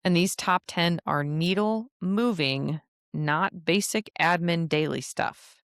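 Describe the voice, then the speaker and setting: A woman's voice: on the low side, takes it slowly, no room sound, studio quality. A woman hosting a solo podcast, giving casual business advice in a chatty way with frequent laughs and playful asides. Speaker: podcast host and travel advisor.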